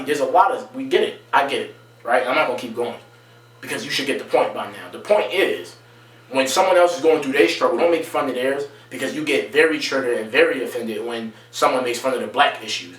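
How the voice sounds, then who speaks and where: A man's voice: a little fast, a bit bright, slight background noise. Emphatic man, roomy and distant. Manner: emphatic, repetitive, rising to raised pitch when stressing points. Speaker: video creator. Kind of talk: impassioned monologue to camera. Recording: roomy sound from a distance from the mic.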